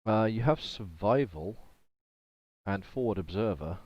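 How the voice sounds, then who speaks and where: A man's voice: fairly low pitch, lively intonation, measured pace, muffled recording. A man acting as game master, chatting and laughing as he runs a tabletop game on a voice call. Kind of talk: running a tabletop game over voice chat.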